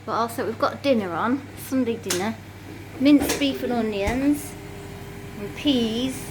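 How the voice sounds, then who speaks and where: A woman's voice: on the high side, measured pace, noisy background. A woman chatting cheerfully at home while showing the cooking, with a giggly manner. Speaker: vlogger, co-host. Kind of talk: casual home chat. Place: home kitchen.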